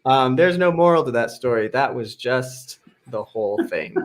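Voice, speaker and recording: A man's voice: mid-range voice, expressive, normal speed. Wry male improviser announcing chapters. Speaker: improv performer. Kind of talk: mock-announcer narration.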